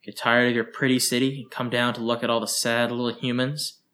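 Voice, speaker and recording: A man's voice: mid-range voice, flat delivery, a little fast, fairly bright tone, natural voice. A man voicing a bitter, exhausted woman who speaks in a slurred, sneering way. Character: bitter, worn-out drunk woman, venomous.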